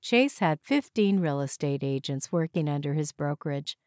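A woman reading a novel aloud as audiobook narrator in an even, measured way. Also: sits low, dry recording, studio quality.

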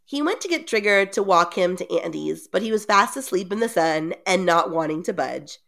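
A woman's voice: lowish voice, expressive, normal speed, gravelly, a bit bright. A woman hosting a podcast, retelling a story in a casual, chatty way with joking asides. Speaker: podcast host retelling a book.

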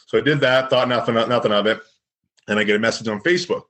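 A man's voice: mid-range voice, fast. Laid-back young Canadian man telling stories. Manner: relaxed, rambling, many "like" fillers. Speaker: guest, former hockey fighter. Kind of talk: casual storytelling interview.

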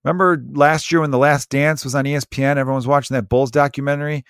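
Man in his thirties, podcast host, rambling sarcastic rants, middle pitch, dry close sound. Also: fairly even intonation, fast talker, fairly bright tone, smooth, no room sound. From United States. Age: 30s. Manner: rambling, profane, sarcastic storytelling. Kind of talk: casual comedic monologue.

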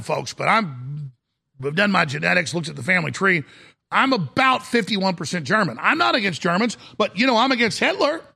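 Gravelly, ranting male talk host. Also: high voice, sharp tone. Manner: ranting, emphatic, addresses listeners as folks. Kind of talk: political talk show monologue.

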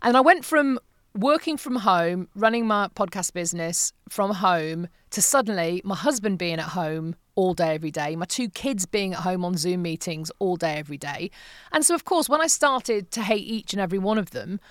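Animated woman in her forties. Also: on the low side, normal speed, no echo, clean studio sound. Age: 40s. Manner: animated, self-mocking, swears freely. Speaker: podcast guest. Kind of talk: candid conversational storytelling.

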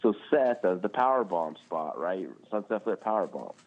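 A man's voice: low-pitched, moderate pace. A man co-hosting a podcast, ranting casually and swearing often, with lots of "like" fillers. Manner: animated, swearing, frequent "like" fillers. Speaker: podcast co-host. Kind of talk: casual chat. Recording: tinny phone-like line.

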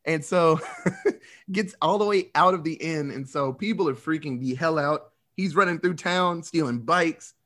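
A man's voice: on the high side, measured pace, a bit bright. Rambling, swearing man recapping a film. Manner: rambling, swearing, laughing storyteller. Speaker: podcast host. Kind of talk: casual movie recap.

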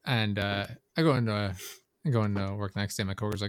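A man's voice: on the low side, steady tone, fast, a little hiss or hum. A man hosting a casual talk show, speaking bluntly and rambling, swearing often. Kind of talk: casual chat.

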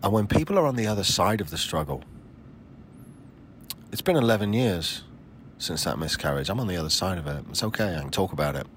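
A man in his forties gives a solo podcast monologue with a deep, low voice. He speaks bluntly and emphatically and swears freely. A faint hum sits under his voice. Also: lively intonation, brisk, pauses often, fairly bright tone. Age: 40s. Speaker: podcast host.

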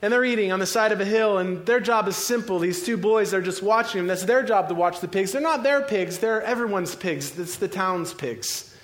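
A male preacher tells a scripture story as if it were a film, scene by scene. His voice sits high for a man, and he lingers on dramatic pauses. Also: fairly bright tone. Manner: vivid, cinematic retelling with dramatic pauses.

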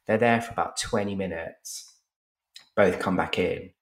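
A man's voice: sits low, unhurried, vocal fry, echoey room. A man who works in advertising tells a work story in a casual podcast chat, acting out what other people said.

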